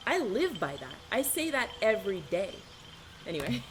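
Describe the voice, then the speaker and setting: A woman's voice: medium pitch, sing-song, normal speed, a little hiss or hum. A woman streaming a video game live, chatting casually and rambling through stories with easy laughs.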